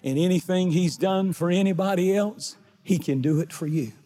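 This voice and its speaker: A middle-aged pastor preaches in his sanctuary. His voice sits fairly high for a man. He swings from quiet storytelling to fervent, shouted proclamation. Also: normal speed. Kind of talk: sermon. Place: church sanctuary.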